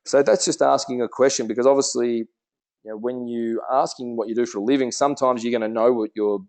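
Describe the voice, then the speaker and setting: A man presents a casual sales training talk in a mellow, darker voice. He chats along loosely, full of fillers and restarts, and acts out little sample conversations with prospects. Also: medium pitch, fairly even intonation, quick pace.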